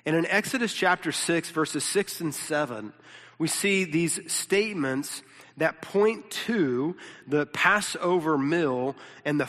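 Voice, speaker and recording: Male pastor, conversational sermon, slightly high voice, repeats himself, church hall reverb. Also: a bit bright. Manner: casual, repeats words, checks in with "right?". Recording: long reverb of a large hall.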